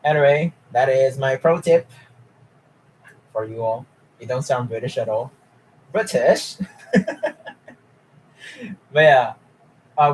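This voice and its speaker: A man's voice: mid-range voice, a little hiss or hum, rough recording. Chatty young man streaming live. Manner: chatty, often laughing, reads chat aloud. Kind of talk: casual live-stream chat.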